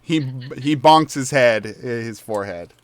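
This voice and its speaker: A man's voice: mid-range voice, measured pace, smooth, dry recording. A man running a tabletop role-playing game who chats, laughs easily and muses aloud about his character voices. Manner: self-deprecating, laughs easily, thinks aloud. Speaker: game master. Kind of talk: tabletop role-play narration and table chat.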